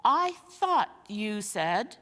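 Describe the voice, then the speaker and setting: A woman voicing a dim male bear who speaks in a slow, puzzled, grumbling way, in a storybook reading. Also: medium pitch, big pitch swings, fairly bright tone, full character voice. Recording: long hall reverb.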